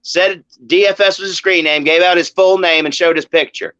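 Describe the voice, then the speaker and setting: A man in casual chat, animated and slangy, heard over muffled call audio. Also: high voice, normal speed, clean tone, no echo.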